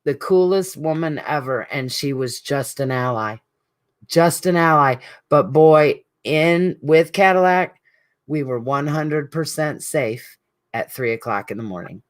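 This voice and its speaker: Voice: mid-range voice, a little slow. A middle-aged speaker, giving an emotional, rambling tribute straight to an absent friend at a support group meeting. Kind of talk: heartfelt spoken tribute to a friend.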